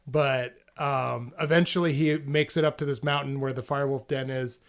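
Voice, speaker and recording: A man co-hosting a podcast in casual chat, animated and retelling scenes with quick character voices. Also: medium pitch, gravelly. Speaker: podcast co-host.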